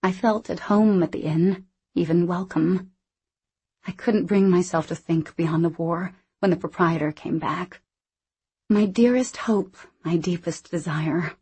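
Husky woman reading a novel. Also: on the low side, dark tone. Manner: measured, reflective. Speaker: audiobook narrator. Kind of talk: scripted first-person narration.

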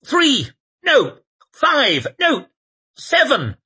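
A man's voice: extremely high pitch, sing-song, takes it slowly, sharp tone, voice pushed up, exaggerated voice. A man voicing a nervous, fretful man out of his depth, exclaiming in panic. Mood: panicky.

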